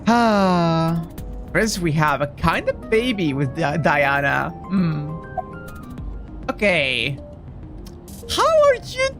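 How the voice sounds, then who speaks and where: A woman streaming a video game, joking with her chat and swearing freely. Her pace is slow and her pitch lively. Faint game music runs underneath. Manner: profane, joking, laughs often. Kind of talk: casual gameplay commentary.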